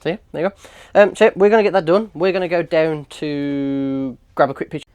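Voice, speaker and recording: A man talking casually to camera for a family travel vlog, relaxed and chatty. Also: a little high, a little fast, clear, resonant tone, dull audio. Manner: relaxed, chatty with frequent ums. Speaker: vlogger. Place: cruise ship and restaurant.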